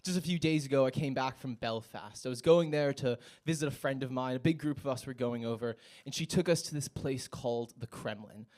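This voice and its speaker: A man's voice: medium pitch, fairly quick, hardly any pauses, darkish tone. A young American man performing a stand-up set in a comedy club, with a wry, self-mocking delivery.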